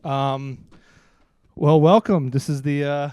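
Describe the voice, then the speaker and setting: A man hosting a casual podcast, playful and teasing, with loud laughs. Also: fairly high pitch, fairly even intonation, slow, clear, resonant tone. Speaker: podcast host.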